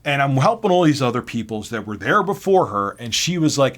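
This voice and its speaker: A man's voice: mid-range voice, very animated, brisk, few pauses. A man telling personal work stories to camera in a casual, blunt, self-deprecating way. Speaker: vlogger. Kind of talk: casual storytelling.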